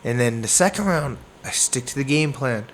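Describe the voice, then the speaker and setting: A man from Canada, a boxer, telling a fight story in a casual interview, animated and acting out moments with sound words. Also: medium pitch, normal speed, slight background noise. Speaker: boxer guest.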